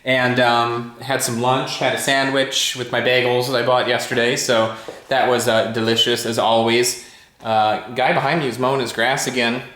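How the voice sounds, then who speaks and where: A man's voice: mid-range voice, little pitch movement, normal speed, fairly bright tone, echoey room. A man chatting casually to camera about his day at home, rambling with plenty of uhs and ums. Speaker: tech YouTuber vlogging his day. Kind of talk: casual vlog talk to camera. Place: at home indoors.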